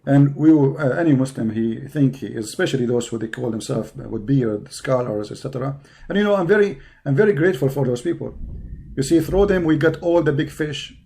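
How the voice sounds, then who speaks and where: A man with a hoarse voice hosting a live online show, delivering a heated, taunting monologue full of repeated insults and challenges. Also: mid-range voice, expressive, brisk, dark tone. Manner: taunting, confrontational, repetitive insults. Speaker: online debate show host. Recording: live stream over a poor connection.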